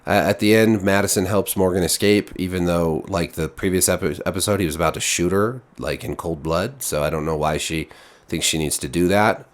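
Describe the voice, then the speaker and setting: A man's voice: low-pitched, a little fast. A man giving a casual spoken TV review, exasperated and rambling with many restarts. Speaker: TV show reviewer.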